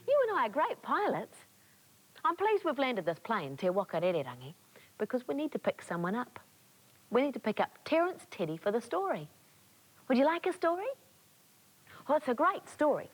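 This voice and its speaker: Lively New woman telling children a story. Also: a little high, low-quality recording. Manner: lively, encouraging, sing-song. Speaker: children's TV presenter.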